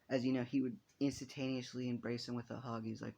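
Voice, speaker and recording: Gravelly man rambling through a fan story. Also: mid-range voice, level tone, fairly quick, long pauses, dark tone, dull audio. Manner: rambling, restarts, casual swearing. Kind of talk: improvised fan story narration.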